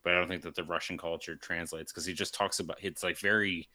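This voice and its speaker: A man's voice: deep voice, fairly even intonation, fast talker, bright, forceful tone, no room sound. A man giving opinions in a casual movie discussion, hesitant and full of "like". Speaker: podcast co-host, movie reviewer.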